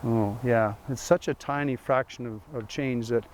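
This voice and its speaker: A man's voice: medium pitch, steady tone, normal speed, slight background noise. A man, a golf teaching pro, giving a chatty lesson full of rhetorical questions and dry sarcasm. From Canada.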